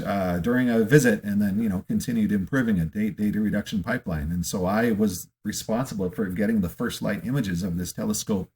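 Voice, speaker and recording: Indignant, rambling man on a monologue. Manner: emphatic and indignant, with big swings in pitch and loudness; rambling, with many restarts and fillers. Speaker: channel host. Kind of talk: unscripted monologue to camera.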